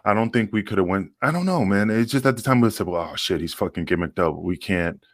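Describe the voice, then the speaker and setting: A man's voice: lowish voice, expressive, quick pace, no room sound. A man, a former pro wrestler, telling locker-room stories in a loose, profane way with many fillers and restarts. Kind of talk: casual storytelling.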